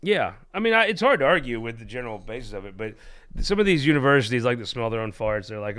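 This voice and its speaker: Very animated and talking fast, this man has a mid-range voice with a fairly bright tone. He's a political talk show host trading jokes in a rambling, irreverent chat, amused by his own humor.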